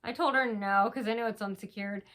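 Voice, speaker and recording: A woman's voice: medium pitch, steady tone, a bit bright. A woman vlogger telling a long story in a rambling, casual way, with restarts and acted-out quotes. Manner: talks fast, with many restarts and acted quotes.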